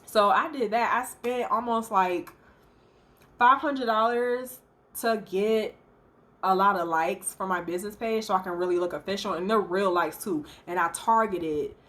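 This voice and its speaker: Young woman, chatty storytime vlog, emotional retelling, lots of fillers, medium pitch. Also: fairly bright tone. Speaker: salon owner and hairstylist.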